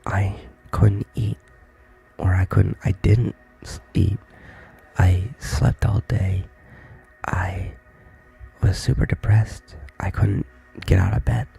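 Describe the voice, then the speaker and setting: This is a whispered role-play stream. A young man speaks in a hushed, gravelly whisper with a deep, dark tone. He talks close to the mic, and faint music plays underneath. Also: level tone. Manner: soft whispered talk, halting and rambling. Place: army barracks room.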